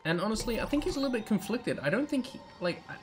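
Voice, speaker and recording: A man's voice: high-pitched, sing-song, fast talker, over music. A young man giving casual, rambling, joking commentary over a video game playthrough. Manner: rambling, joking, self-interrupting. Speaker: gaming channel host. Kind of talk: casual let's play commentary.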